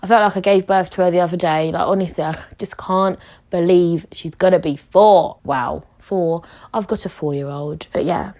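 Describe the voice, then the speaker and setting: A woman's voice: on the low side, fairly even intonation, moderate pace, mellow. A woman hosting her own podcast, talking casually and candidly, full of "like" and "you know", and open about her feelings. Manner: chatty, candid, heavy use of "like" and "you know". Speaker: podcast host. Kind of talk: casual solo podcast chat.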